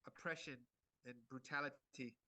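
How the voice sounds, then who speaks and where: A man giving an art lecture in short phrases, pausing for an interpreter and filling gaps with many hesitations. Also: mid-range voice, steady tone, pushed and bright. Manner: halting, many fillers and restarts.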